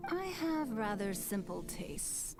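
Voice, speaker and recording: A woman's voice: mid-range voice, big pitch swings, slow pace. A woman playing a poised, haughty aristocratic official who speaks formally with dry, cutting remarks. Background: loud game music.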